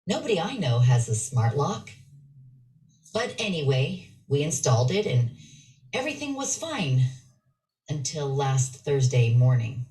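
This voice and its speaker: A lively everyday story. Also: female voice, rumbling low, a little slow, full character voice, poor audio. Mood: chatty. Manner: gestures while talking, conversational. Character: woman telling a personal story, nervous and expressive. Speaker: storyteller in a course video.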